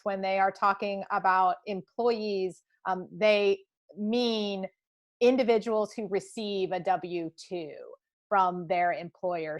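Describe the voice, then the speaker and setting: A woman's voice: medium pitch, lo-fi sound. A young woman presenting a live webinar, answering questions with frequent ums.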